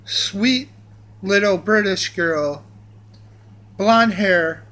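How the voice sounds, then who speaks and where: A man's voice: high-pitched, very slow, fairly bright tone, low-quality recording. A man telling a crude personal story on a vlog, rambling and meandering with many fillers and restarts.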